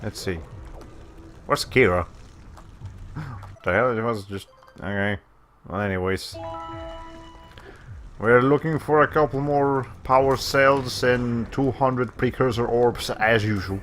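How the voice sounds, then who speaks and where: A male game streamer talking casually over his play, rambling and often breaking into laughter. His voice is bright and forceful at an ordinary middle pitch. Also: steady tone, takes it slowly, long pauses, faint music behind. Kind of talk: casual gameplay commentary.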